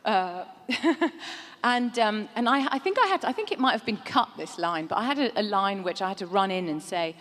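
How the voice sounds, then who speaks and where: A woman actor on a fan-convention panel, speaking earnestly with halting restarts and laughing as she tells stories. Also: medium pitch, animated, fairly bright tone. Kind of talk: reflective panel talk. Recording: reverberant convention hall.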